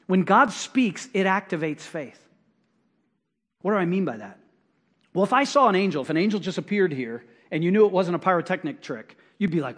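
A middle-aged male pastor delivers a sermon in a high-pitched voice. He keeps it conversational, acting out little quotes and hammering points through repetition. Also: husky.

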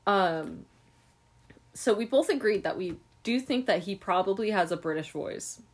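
A woman's voice: mid-range voice, lively intonation, unhurried, breathy edge. A woman co-hosting a podcast, gushing and giggling as she rambles casually about favorite characters. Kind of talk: casual chat about books.

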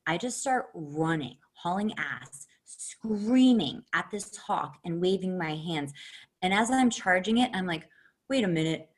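A woman with a slightly low voice tells a story in a loose, chatty way. She swears freely, laughs easily and swings her voice up and down as she gets into it. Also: a little slow. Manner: animated, profane, laughs often. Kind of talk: casual storytelling chat.

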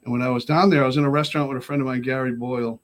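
Talking rapid-fire, a Lowell, Massachusetts man appears on a podcast to recount his recovery in an easygoing chat, animated and straightforward, acting out the other people's voices.

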